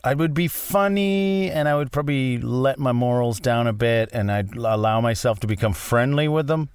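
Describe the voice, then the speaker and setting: A man's voice: mid-range voice, moderate pace, clean tone, no room sound. Man, forties, casual guest chat, rambling, self-mocking, many restarts, dry close sound. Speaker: podcast guest.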